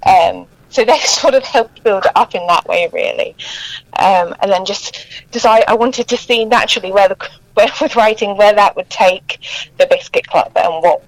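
A woman's voice: medium pitch, moderate pace, no room sound. Friendly woman author, dry phone line. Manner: friendly, gently hesitant. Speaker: guest children's author. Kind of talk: phone interview. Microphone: mobile phone.

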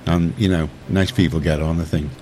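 Casting: middle-aged man, very low voice, rambling radio host, faint background hiss. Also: steady tone, brisk, darkish tone. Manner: rambling, chatty, lots of restarts. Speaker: community radio presenter. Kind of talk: casual studio chat. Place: radio studio.

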